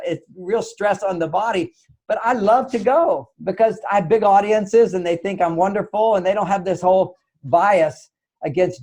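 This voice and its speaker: Older male guest, high-pitched and animated, storytelling with acted quotes. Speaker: guest author. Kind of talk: talk show interview.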